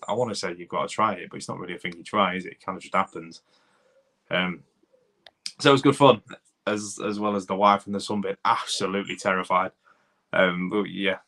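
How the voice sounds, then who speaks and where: Reading comments during a casual livestream, a thirty-something car mechanic with a Doncaster accent keeps things rambling and matey. His voice is slightly low yet bright-edged, and viewers get called mate and buddy.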